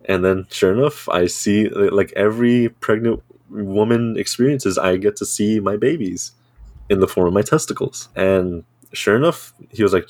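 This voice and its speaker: Casting: young man, very low voice, dry close mic, laughing storyteller. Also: normal speed, no room sound. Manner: laughing, animated storytelling with crude humor. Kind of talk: casual chat.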